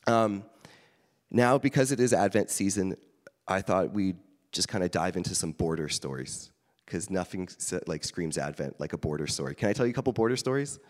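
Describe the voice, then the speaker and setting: A fairly low-voiced man preaching casually from the front of a church, telling stories on himself with easy humor. His voice rings out with a long reverb, as in a large hall. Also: a little fast. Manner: chatty, self-deprecating storyteller, animated in anecdotes. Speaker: pastor. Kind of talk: casual sermon with stories and jokes.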